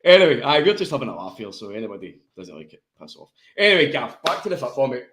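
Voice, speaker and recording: A man's voice: mid-range voice, big pitch swings, fast talker, a bit bright. Laughing, sweary Scottish man in an echoey room. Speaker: podcast co-host. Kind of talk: casual football chat.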